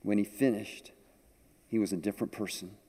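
Older guy preaching, telling stories, warm mellow tone, long reverb like a church. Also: lowish voice, a little fast. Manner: storytelling, animated. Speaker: pastor. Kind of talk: sermon. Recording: echoey hall with long reverb.

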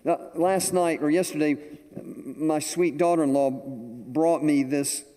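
An older man preaching a sermon, telling a story with animated delivery to a congregation. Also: a little high, takes it slowly. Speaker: pastor. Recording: echoey hall with long reverb.

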